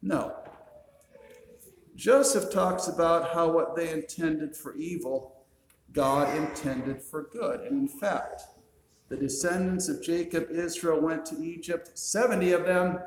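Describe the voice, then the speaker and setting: A pastor preaching a sermon, retelling a story with dry asides to the congregation. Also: male voice, on the high side, steady tone, a little slow, echoey room, slight background noise, poor audio.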